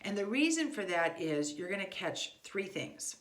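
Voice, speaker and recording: A woman's voice: mid-range voice, sing-song, moderate pace, roomy sound. A woman giving casual homeschool reading advice to parents, talking loosely with many fillers and restarts. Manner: conversational, frequent fillers and restarts. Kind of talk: casual instructional talk.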